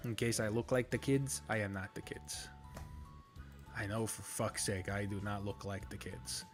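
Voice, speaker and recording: Faint music plays behind a man streaming a strategy game, who speaks at a moderate pace with fairly even intonation. His casual commentary wanders, full of swearing and self-deprecating jokes, and he occasionally lowers his voice so a roommate on a call isn't disturbed.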